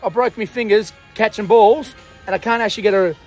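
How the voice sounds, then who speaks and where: Jokey high-voiced Australian man. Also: fairly quick, soft background music. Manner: jokey, teasing, laughs often. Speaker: vlogger. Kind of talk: casual campsite chat. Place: campsite outdoors at night.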